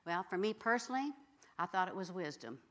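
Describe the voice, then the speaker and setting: A middle-aged woman preacher telling a story in a sermon, swinging from loud exclamations to hushed whispers. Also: lowish voice, animated, brisk.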